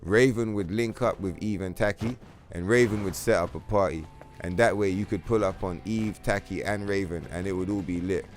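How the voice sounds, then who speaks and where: A man's voice: deep voice, moderate pace, a little hiss or hum. A man streaming a game, rambling in a casual, profane, slang-heavy way. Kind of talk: casual livestream chat.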